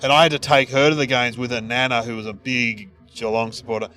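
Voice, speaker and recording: A man's voice: quick pace, soft background music. A middle-aged man hosting a casual comedy chat, telling stories and jumping into voices for the people he quotes. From Australia. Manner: animated storyteller, jumps into high-pitched voices for quoted people. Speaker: podcast host.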